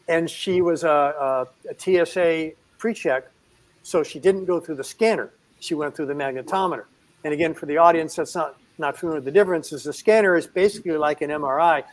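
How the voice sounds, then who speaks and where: A middle-aged man, a veterinarian guest, telling an anecdote in an animated way with chuckles. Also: on the high side, rough recording. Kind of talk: anecdotal storytelling.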